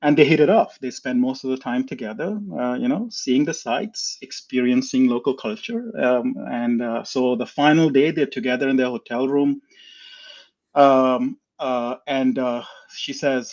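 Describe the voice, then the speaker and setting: A man in his fifties from India, with an Indian accent, telling his story as a guest in a lively, restarting way. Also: mid-range voice, measured pace. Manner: animated storyteller, frequent restarts and laughs. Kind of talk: casual chat, telling a life story. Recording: slightly dull lo-fi audio.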